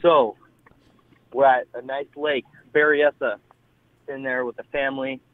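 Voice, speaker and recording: A man's voice: medium pitch, fairly even intonation, unhurried, no echo. An eighteen-year-old man calling into a podcast, sheepish and brief in casual chat. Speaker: phone-in guest. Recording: tinny phone line.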